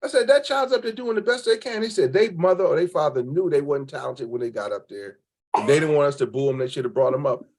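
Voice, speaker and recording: A man's voice: on the high side, expressive, fast talker, darkish tone. A man from Cleveland, a spoken word poet, telling stories as an interview guest in a casual, colloquial way, acting out the voices of people he quotes. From Cleveland, Ohio.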